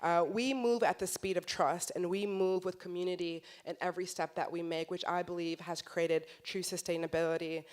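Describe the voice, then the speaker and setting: A woman with a fairly low, smooth and resonant voice speaks from a conference stage into a mic. She sounds earnest and measured, urging the audience on. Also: steady tone, darkish tone. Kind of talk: closing a keynote talk.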